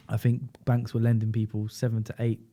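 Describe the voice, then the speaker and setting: A man with a London accent, a guest rapper talking casually in an interview, relaxed and often pausing on "um". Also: medium pitch, gravelly. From England. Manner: relaxed, with frequent "um" fillers.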